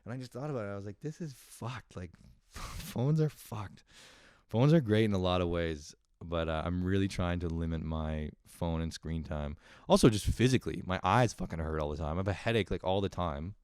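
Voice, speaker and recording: A young man with a low, smooth voice talks through a loose, profane podcast monologue. He rambles, pokes fun at himself and laughs often. The sound is close and dry. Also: fairly quick, a little mellow, no room sound. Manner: rambling, profane, self-deprecating, with frequent laughs. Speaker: podcast host. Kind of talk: casual solo podcast monologue.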